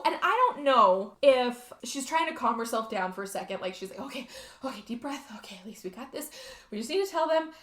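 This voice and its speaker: Woman podcast co-host, fairly high voice, lively casual movie recap, echoey room. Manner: animated retelling, often acting out lines.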